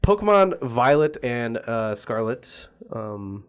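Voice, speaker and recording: A man's voice: mid-range voice, slow pace. A young man co-hosting a podcast, chatting casually about games and laughing often. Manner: laughs often, loose and animated. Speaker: podcast co-host. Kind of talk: casual gaming chat.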